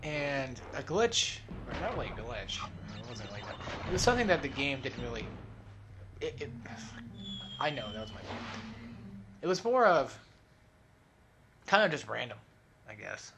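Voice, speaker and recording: Young man, casual gameplay commentary, rambling, self-mocking, mid-pitched voice, occasional swearing. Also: sing-song, normal speed, creaky, long pauses, background noise. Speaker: let's play host.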